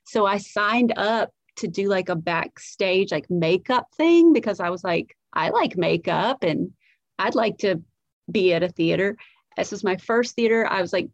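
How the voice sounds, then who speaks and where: A woman's voice: mid-range voice, no echo, muffled recording. A woman from South Carolina with a light Southern accent tells stories as a comedian guest on a podcast. She talks casually, swears freely and uses lots of "like" and restarts.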